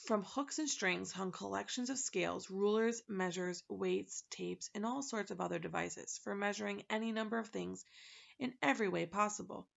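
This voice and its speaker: Casual woman reader, relaxed, gravelly edge; slightly lo-fi. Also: mid-range voice, normal speed. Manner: relaxed, laughs at her slips. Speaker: reader of a children's book. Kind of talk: casual read-aloud narration.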